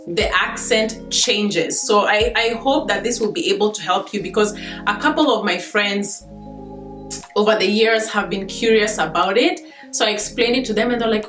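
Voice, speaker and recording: Kenyan woman, casual vlogger, chatty with light laughs, middle pitch, roomy echo. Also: a bit bright. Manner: chatty, laughs between points. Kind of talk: casual talk to camera.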